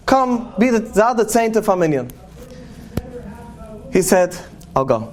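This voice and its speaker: Earnest high-voiced man, tinged storyteller. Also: expressive, a little mellow. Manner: earnest, slows and lingers on key words for emphasis. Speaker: rabbi. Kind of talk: storytelling talk to an audience.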